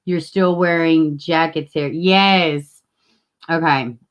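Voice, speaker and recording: A woman's voice: deep voice, fairly even intonation, slow. A woman, casually chatting with viewers as a livestream host and greeting them by name. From Tennessee, US.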